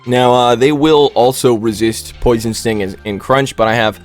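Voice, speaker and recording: A man's voice: mid-range voice, normal speed, faint music behind. A man casually commentating on his online game battles, joking and rambling with silly asides.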